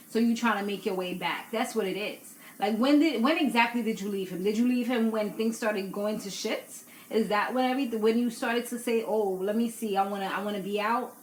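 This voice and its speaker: A young woman talks through a reality TV episode in a loose, opinionated way and laughs easily. Her voice sits at a middle pitch. It bounces around a roomy, echoey space with a faint hiss behind it. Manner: chatty, opinionated, laughs often. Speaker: YouTube recap host. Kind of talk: casual reality TV recap. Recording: echoey room with faint noise.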